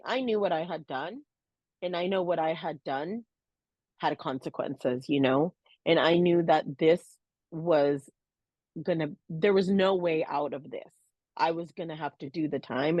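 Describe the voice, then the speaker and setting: A woman's voice: low-pitched, steady tone, moderate pace, dry recording, dull audio. A woman co-hosting a podcast, earnestly telling her own story in a heartfelt, casual way, with many "you know"s and "um"s. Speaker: podcast co-host. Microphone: podcast microphone.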